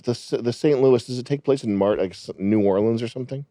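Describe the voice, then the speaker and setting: A man's voice: medium pitch, quick pace, mellow, no echo, studio quality. A man co-hosting a podcast in casual chat, hesitant, trailing off and restarting his sentences. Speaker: podcast co-host.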